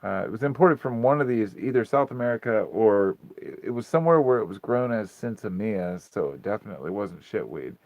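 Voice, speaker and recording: Low gravelly guy rambling on his phone stream, swears a lot, muffled lo-fi sound. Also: lively intonation, fairly quick, few pauses, a little mellow, no room sound. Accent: US Pacific Northwest. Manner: rambling storytelling, frequent swearing. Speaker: livestream host. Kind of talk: casual livestream chat. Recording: dull lo-fi phone audio.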